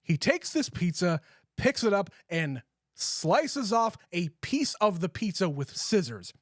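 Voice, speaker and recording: A young man co-hosts a casual movie podcast, easygoing as he walks through scenes in detail. His voice sits fairly high for a man. The recording is dry and close. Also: very animated, a little slow, dry recording. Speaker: podcast co-host. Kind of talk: casual movie review chat.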